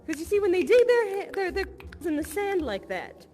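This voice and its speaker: A quirky acting teacher. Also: female voice, very high-pitched, a little fast, faint music behind. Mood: earnest, instructive. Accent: non-American. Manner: chatty, rambling, animated. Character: eccentric woman acting teacher, earnest and whimsical. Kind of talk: improvised live theatre performance.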